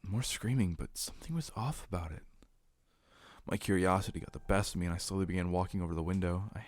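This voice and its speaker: A man reading a horror story aloud as narrator, steady and earnest. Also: deep voice, quick pace, dry recording.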